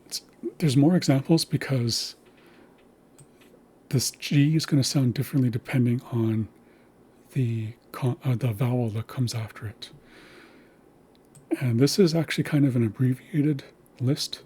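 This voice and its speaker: A man giving a recorded language lesson, patiently explaining and slowly repeating consonant sounds. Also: mid-range voice, dark tone, slightly rough. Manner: patient, slow demonstrations of sounds. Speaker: language teacher.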